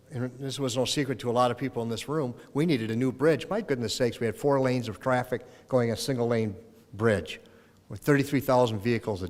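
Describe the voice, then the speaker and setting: A middle-aged man from Minnesota giving a farewell speech as retiring mayor, telling folksy stories and acting out the voices in them. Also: mid-range voice. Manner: folksy storytelling, acts out voices in anecdotes. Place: council chamber in city hall. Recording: long reverb of a council chamber.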